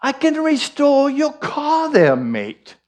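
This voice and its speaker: A man's voice: medium pitch, sing-song, unhurried, husky, exaggerated voice. A man voicing an eager, friendly English male neighbor who offers to restore a car, in a sermon story. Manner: enthusiastic, friendly, calls everyone mate.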